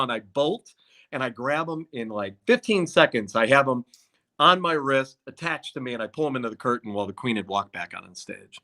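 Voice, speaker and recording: A concert promoter with a medium-pitched voice and a brisk delivery tells anecdotes in a casual podcast chat. He tells them animatedly, acting out what other people said.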